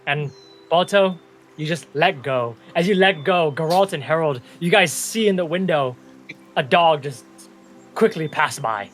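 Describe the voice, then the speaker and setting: Lively young man running a tabletop game. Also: fairly high pitch, a little slow, faint music behind. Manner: chatty, loose narration with frequent chuckles. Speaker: game master.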